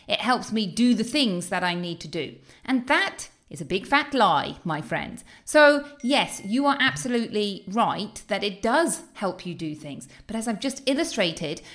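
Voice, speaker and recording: Upbeat, expressive woman health coach. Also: mid-range voice. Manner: expressive, animated, exclaims often. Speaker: health and weight-loss coach. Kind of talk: motivational talk to camera.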